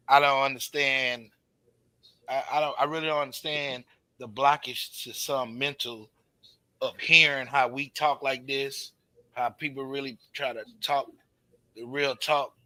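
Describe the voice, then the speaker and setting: A man's voice: medium pitch, fairly even intonation, measured pace, long pauses, bright, forceful tone, dry recording, poor audio. A man hosting a podcast in casual chat, encouraging and full of slang. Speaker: podcast host.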